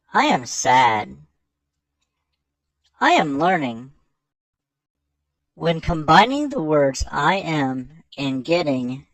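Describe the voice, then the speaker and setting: Lesson narrator: slow, tuneful delivery, measured reading, dry close voice-over. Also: medium pitch, no echo. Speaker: English teacher.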